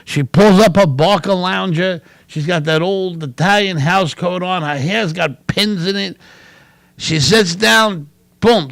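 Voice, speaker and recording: A man from New City, co-hosting a casual chat and telling lively family stories. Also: high-pitched, creaky, no echo. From New York City. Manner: animated, loud storyteller. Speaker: co-host.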